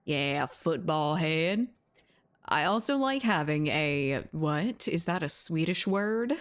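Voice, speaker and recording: Woman streaming a game, slightly low voice, upbeat and playful, says hi to chat. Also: lively intonation, slow pace, smooth. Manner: upbeat, greeting viewers by name, playful. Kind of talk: casual chat with live chat readers.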